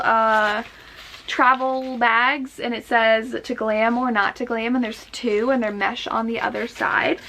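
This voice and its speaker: A young woman with a bright, ringing voice chats through a casual vlog, rambling with lots of fillers and little gushes of enthusiasm. Her voice sits a touch high and carries a lively, forward tone. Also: gravelly, a little hiss or hum. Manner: chatty, filler-heavy, gushing. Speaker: book vlogger.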